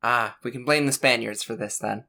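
Bright-voiced sarcastic podcast co-host. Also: mid-range voice, moderate pace, creaky. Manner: sarcastic, swears, jokey asides. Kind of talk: casual chat.

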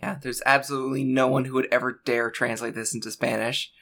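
A podcast co-host chatting casually, sarcastic and quick with jokes, swearing freely. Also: mid-range voice, little pitch movement, vocal fry, fairly bright tone. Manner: sarcastic, swears, jokey asides. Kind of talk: casual chat.

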